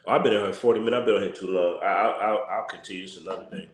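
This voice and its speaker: A man's voice: deep voice, steady tone, rapid-fire, echoey room. A tired man hosting a casual livestream, talking in a blunt, repetitive, slangy rant. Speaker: channel host.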